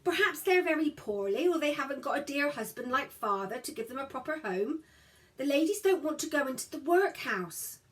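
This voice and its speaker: A woman's voice: high-pitched, expressive, moderate pace, voice pushed up. A woman reading a story aloud, voicing a fond, weary Victorian mother who teases her daughter with mild exasperation. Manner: exasperated but affectionate.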